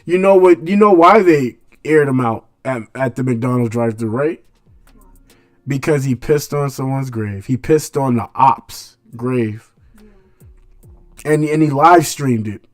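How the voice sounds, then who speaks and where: A man's voice: mid-range voice, slow pace, dry recording, soft background music. Blunt man preaching in street slang. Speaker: radio show host. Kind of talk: casual commentary monologue.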